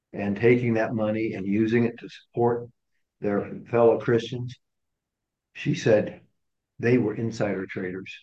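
Male Bible study teacher, relaxed conversational delivery with frequent restarts, slightly muffled recording. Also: on the low side. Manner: conversational, repeats and restarts words. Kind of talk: casual teaching to a small group.

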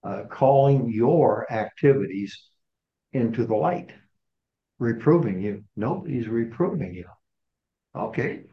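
A man's voice: mid-range voice, animated, unhurried, pauses often. Guy leading a bible study, chatty, keeps restarting his words, kinda muffled lo-fi sound. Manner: conversational, repeats and restarts words. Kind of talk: casual teaching to a small group.

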